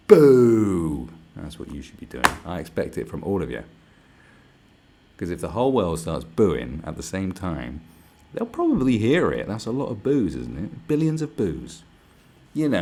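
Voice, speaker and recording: This man's voice sits low with a darkish tone. He's a vlogger ranting angrily to the camera, sarcastic and mocking, with plenty of swearing throughout.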